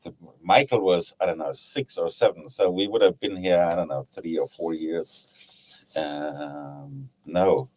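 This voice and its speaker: A man's voice: deep voice, fairly even intonation, measured pace, darkish tone, rough recording. A man with a German accent, a guest telling anecdotes in a casual chat about his woodturning club. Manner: chatty, laughs at his own anecdotes.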